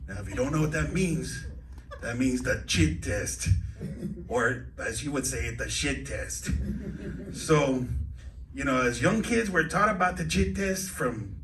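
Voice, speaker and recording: A man's voice: medium pitch, a bit bright, a little hiss or hum. Rambling man doing stand-up in an echoey club. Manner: hesitant, rambling with many fillers. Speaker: stand-up comedian. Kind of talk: open mic stand-up. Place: comedy club stage, indoors. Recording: echoey club room from a distance.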